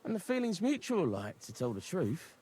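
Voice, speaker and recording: Goatskin, a jittery, cockney-sounding informant. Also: male voice, high voice, huge pitch swings, normal speed, crowd noise. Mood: grumbling. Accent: English, cockney-like. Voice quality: stammering, jittery. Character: nervous, stammering male informant in hiding. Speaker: game character. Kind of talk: video game voice acting.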